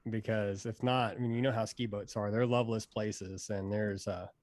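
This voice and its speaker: A man who is a pro hydrofoil rider, explaining tricks in a relaxed, rambling way and using many fillers. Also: fairly low pitch, normal speed, dry recording. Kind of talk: casual instructional interview.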